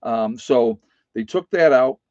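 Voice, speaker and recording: A man's voice: mid-range voice, expressive, takes it slowly, a little mellow, no room sound. A man, hosting his homestead channel, telling a personal story in a rambling way, repeating phrases and talking straight to his viewers. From United States. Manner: rambling, repeats phrases, addresses folks directly. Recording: dry, slightly dull home recording.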